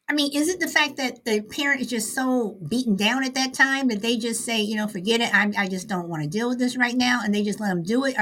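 Brief: middle-aged woman host, higher-pitched, bright tone, chatty and quick to laugh. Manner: chatty, laughs often, many restarts. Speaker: host of a live online show. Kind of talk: casual chat with live viewers.

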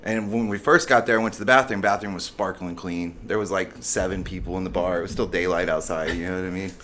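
Low-voiced man, crude laid-back storytelling. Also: steady tone, fast talker, pushed and bright, a little hiss or hum. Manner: laid-back, crude, with many fillers like "dude" and "like". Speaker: podcast co-host. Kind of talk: casual storytelling.

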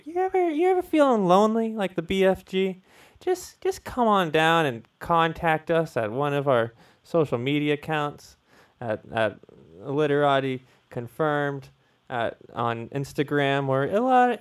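A man co-hosting a podcast, chatting in a relaxed way, stumbling through frequent fillers and restarts. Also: fairly high pitch. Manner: halting, many fillers and restarts, laid-back. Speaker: podcast co-host. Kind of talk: casual chat.

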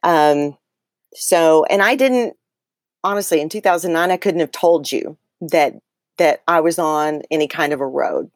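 A woman guest in an interview, retelling a personal story in an animated way, with many fillers and restarts. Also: lowish voice, dry recording, clean studio sound. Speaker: guest author.

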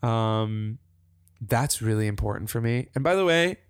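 A man talking as a guest on a casual podcast, animated and laughing, who acts out his own inner voice and swears casually. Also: mid-range voice, measured pace, clear, resonant tone, no room sound, studio quality.

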